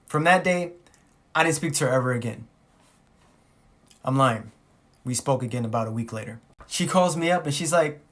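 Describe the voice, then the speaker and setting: A man telling a story on his vlog in an animated, profane, comic way. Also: a little high, a little fast. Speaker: vlogger.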